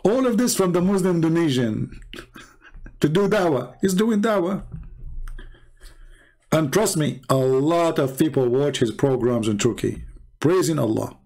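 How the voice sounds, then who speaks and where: A man giving sarcastic reaction commentary on videos, mocking and chuckling, in broken English, his voice going hoarse. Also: fairly high pitch, lively intonation, unhurried, pauses often, a little mellow. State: losing his voice.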